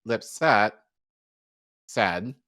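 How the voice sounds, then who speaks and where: A man's voice: lowish voice, extremely slow, no echo. Man reading an article aloud, dry sound. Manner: steady reading with occasional stumbles and self-corrections. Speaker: podcast co-host.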